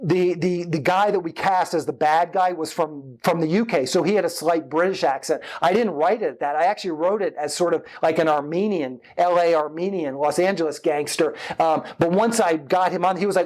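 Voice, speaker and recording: A man's voice: on the high side, fairly quick, hardly any pauses, a little mellow. A middle-aged man, a filmmaker guest, chatting and giving advice in a rambling, casual interview.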